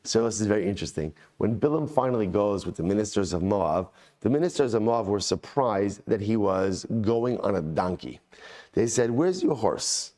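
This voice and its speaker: A rabbi teaching a daily Talmud class, retelling the text in an animated storytelling way with Hebrew and Aramaic quotes. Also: male voice, lowish voice, moderate pace.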